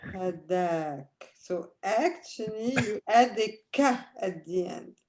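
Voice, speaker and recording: A woman teaching a language lesson online, drilling words with her students slowly and patiently. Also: mid-range voice, lively intonation, darkish tone, a little hiss or hum. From Arab world. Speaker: Arabic teacher.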